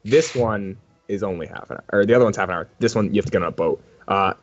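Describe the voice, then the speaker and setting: A man's voice: on the low side, fast, faint music behind. A man running a tabletop game as game master, rambling, swearing casually and often laughing. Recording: dull lo-fi audio.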